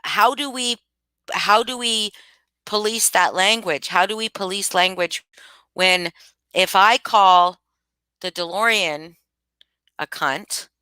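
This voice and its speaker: A woman's voice: fairly low pitch, sharp tone, clear, resonant tone, no echo. A woman talking casually to her live chat, emphatic and repeating her points with many restarts. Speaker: livestream commentator. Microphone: home streaming mic.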